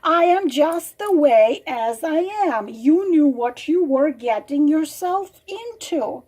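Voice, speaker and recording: A woman's voice: high voice, animated, slow pace, a little mellow. A woman quoting a manipulative man who excuses himself and pleads to be saved, in a whiny, self-excusing way. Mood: dismissive.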